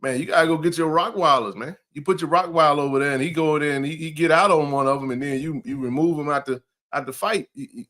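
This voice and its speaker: A man, co-hosting a casual sports talk show, animated and full of restarts and slang. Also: fairly high pitch, fast, few pauses. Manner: animated, repeats and restarts, colloquial. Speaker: co-host.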